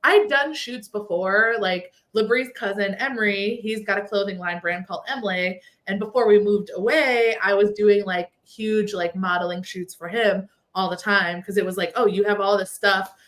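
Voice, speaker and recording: A woman's voice: mid-range voice, normal speed, few pauses, a bit bright. A woman guest on a podcast, telling a long story in casual chat, full of "like" fillers. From Texas. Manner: chatty storyteller, lots of "like" fillers.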